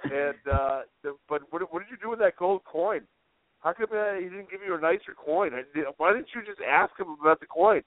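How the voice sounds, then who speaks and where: A man co-hosting a comedy talk show, rambling along with stops and filler words. His voice sits a little high. It is recorded dry and thin, like a phone line. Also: no echo. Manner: rambling, halting, many fillers. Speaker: radio co-host. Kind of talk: casual comedy chat.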